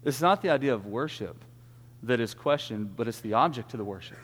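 A man's voice: mid-range voice, expressive, brisk, fairly bright tone, slightly rough. A man preaching an earnest sermon, often restarting his words. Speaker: pastor. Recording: long hall reverb.

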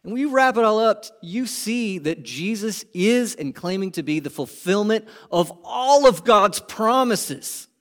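A man preaching a sermon with passion, moving from loud emphatic peaks to quiet low asides. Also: animated, a little slow, hardly any pauses. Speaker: pastor.

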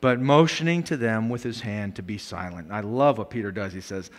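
A male pastor delivers an animated sermon in a lowish voice at normal speed, alternating loud, emphatic bursts with quiet asides and laughing often.

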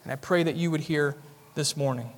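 A Southern man preaching a sermon in a high, ringing voice. He teaches earnestly and builds to more intensity as he goes. His voice carries with a long reverb through a church sanctuary. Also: a little fast. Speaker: pastor.

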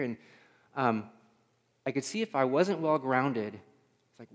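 A man's voice: mid-range voice, animated, normal speed, long pauses. A pastor delivering a conversational sermon; he often repeats words as he searches for them and asks his listeners questions. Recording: reverberant hall.

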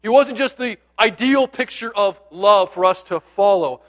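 A male pastor, high-voiced and a little slow, gives a sermon as lively, conversational storytelling sprinkled with playful asides. Key words he delivers in a near hush.

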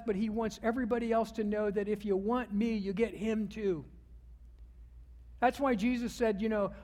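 Male pastor, high voice, storytelling sermon, long hall reverb. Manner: storytelling, drops to a hushed voice for the retold scenes.

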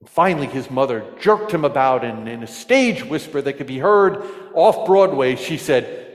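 A joking preacher in a reverberant church. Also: male voice, fairly high pitch, normal speed. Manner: storytelling, animated, asks the congregation questions. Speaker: pastor. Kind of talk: sermon with jokes.

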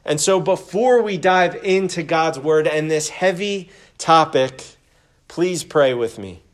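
Slow, earnest man preaching a sermon. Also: a little high. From United States. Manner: earnest preaching with scripture readings. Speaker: pastor. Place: church.

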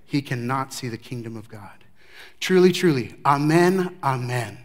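A man preaching a sermon verse by verse, emphatic, with his voice swinging from loud declarations to hushed remarks. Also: medium pitch, expressive, unhurried. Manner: emphatic, varies loudness widely, drops to hushed tones. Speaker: pastor. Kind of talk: expository sermon.

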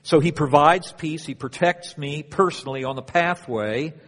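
Male pastor, sermon, husky voice, long hall echo, builds to emphatic preaching. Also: on the high side, normal speed. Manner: rises to loud emphatic preaching. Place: church hall.

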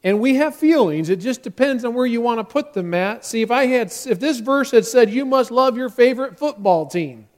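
A man's voice: very high voice, animated, moderate pace, few pauses, darkish tone. A man preaching a sermon as pastor, talking directly to his congregation and acting out quotes with rising force.

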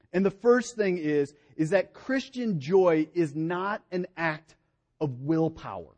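A middle-aged male pastor preaching a sermon in an animated way, his voice rising and dropping for emphasis. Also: fairly high pitch.

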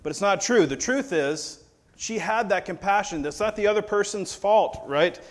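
Guy preaching a sermon, kinda high voice, chatty and wry, tells stories. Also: expressive, normal speed. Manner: conversational, wry storytelling preacher. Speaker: pastor.

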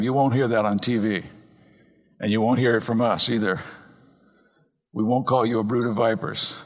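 A man preaching an earnest expository sermon from the pulpit, slowing down and speeding up to stress points. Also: mid-range voice. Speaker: pastor. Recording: long reverb in a large hall.

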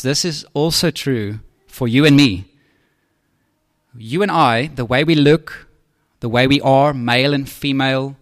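A man's voice: medium pitch, no room sound, clean studio sound. Conversational man preaching a sermon. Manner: conversational preaching, often checks in with the congregation. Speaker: pastor.

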